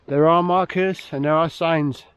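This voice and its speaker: A man's voice: fairly high pitch, fairly even intonation, measured pace, a bit bright, smooth, no echo. A man vlogging hiking tips outdoors on a mountain trail, slightly out of breath, giving plain practical advice and repeating his main points. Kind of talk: outdoor vlog with tips to camera.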